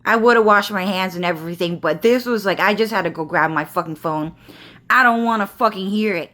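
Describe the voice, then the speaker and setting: A woman's voice: mid-range voice, brisk, sharp tone. A woman vlogging from home, ranting to camera in a rambling, agitated way with constant swearing and repetition.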